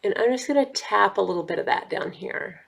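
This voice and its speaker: Bright chatty woman vlogger. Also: mid-range voice, lively intonation, brisk, creaky. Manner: chatty, addresses viewers as y'all. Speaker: beauty vlogger. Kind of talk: casual makeup tutorial chat.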